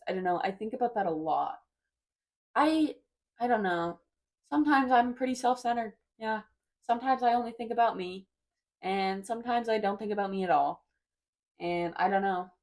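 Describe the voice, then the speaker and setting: A woman in her twenties talking casually to her viewers, rambling and hesitant, often trailing off with "I don't know.". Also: mid-range voice. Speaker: vlogger. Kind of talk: casual confessional chat.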